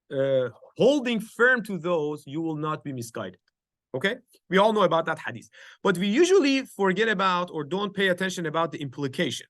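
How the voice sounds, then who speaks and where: A man's voice: fairly high pitch, pushed and bright, no echo, clean studio sound. A man leading an informal religious study circle from his home office, explaining step by step with fillers and restarts and often checking in with his listeners.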